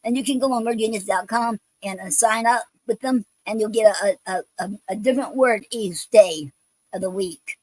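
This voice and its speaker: A woman's voice: mid-range voice, normal speed, a little mellow, no room sound, low-quality recording. A woman hosting a poetry show, reading poems and explaining a poetic form in a hesitant way, with many ums and restarts.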